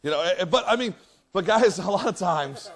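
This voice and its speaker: A man preaches a sermon in a church. He reads scripture aloud, acts out the lines with animated emphasis, and restarts his phrases often. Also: high-pitched, fairly quick. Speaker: pastor. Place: church sanctuary.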